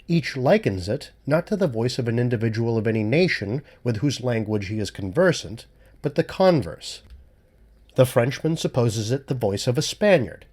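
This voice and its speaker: Reading an audiobook, a man voices a cool-headed male amateur detective who explains his reasoning in a measured, lecturing manner. His mid-range voice has a slightly mellow quality.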